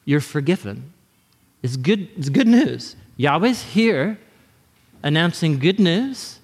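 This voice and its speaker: A man delivers a sermon in a loose, animated, conversational way. His voice sits somewhat high for a man. The sound carries a long reverb, as if from a large hall. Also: takes it slowly, husky. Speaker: pastor.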